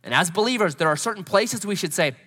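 A man's voice: sits high, animated, fast talker, bright, forceful tone. A man in his forties, a pastor preaching a conversational sermon who tells stories and acts out scenes. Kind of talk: sermon with storytelling. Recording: long hall reverb.

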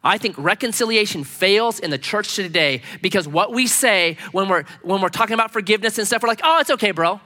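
A male pastor delivers a sermon in a lively, conversational way, slipping into voices for the people he quotes. His voice sits a little high and sounds bright and forceful. The sound rings with the long reverb of a church hall. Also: a little fast, hardly any pauses. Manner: animated, acts out quoted speech, casual slangy asides. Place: church sanctuary.

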